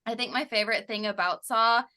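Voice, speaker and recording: Woman co-host, animated and giggly, bright tone, chatty podcast review. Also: a little high, a little fast, clean tone. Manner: laughing, animated storytelling. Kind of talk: casual chat reviewing a film. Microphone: remote call.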